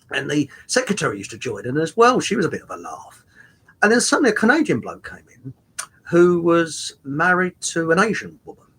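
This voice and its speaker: Older male guest, husky and raised in pitch, halting anecdotal storyteller. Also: a bit bright. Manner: rambling, halting with many fillers and restarts; chuckles through his stories. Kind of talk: anecdotal casual chat.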